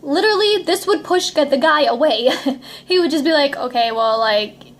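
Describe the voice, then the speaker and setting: A woman's voice: high voice, lively intonation, brisk. A young woman giving frank relationship advice to camera in a chatty, casual way, with lots of "like" and "okay?". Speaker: advice vlogger.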